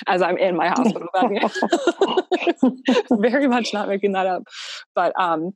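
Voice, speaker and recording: A woman's voice: medium pitch, normal speed, pauses often, darkish tone, slightly rough, dry recording. A young woman telling her own birth story in a casual, heartfelt way, laughing often and using lots of fillers.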